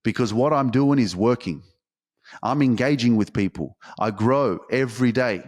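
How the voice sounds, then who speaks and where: A man's voice: medium pitch, moderate pace, a little mellow. A man hosting a podcast, talking in an intense, emphatic motivational monologue full of swearing. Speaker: podcast host.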